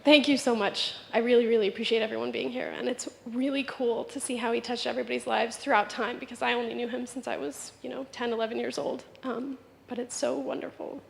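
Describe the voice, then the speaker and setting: A young woman giving an emotional speech at a memorial service, halting, restarting and laughing through tears. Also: a little high, fairly even intonation, gravelly, a little hiss or hum. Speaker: memorial speaker. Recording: echoey hall with long reverb.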